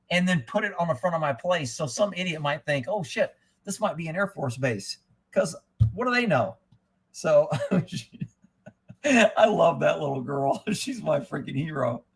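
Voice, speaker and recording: A man's voice: sits high, expressive, moderate pace, fairly bright tone, slightly rough. A middle-aged man hosting a casual livestream, talking loosely and irreverently and chuckling often. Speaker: livestream host.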